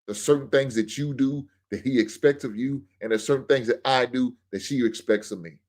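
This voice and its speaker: A middle-aged man hosts a podcast in a casual monologue, his mid-range voice brisk and a bit dark in tone. He rants bluntly and cracks jokes as he goes.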